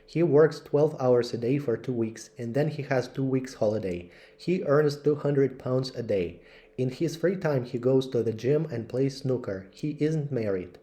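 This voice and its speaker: A man's voice: medium pitch, mellow. Man reading English lessons aloud. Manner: slow, careful read-aloud delivery. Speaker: English teacher. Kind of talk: reading textbook passages aloud.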